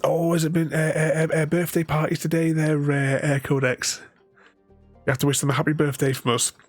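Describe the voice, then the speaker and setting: Over faint game music, a gaming streamer with a fairly high pitch and level tone talks briskly. His casual live-stream commentary is rambling and chuckly as he chats with viewers.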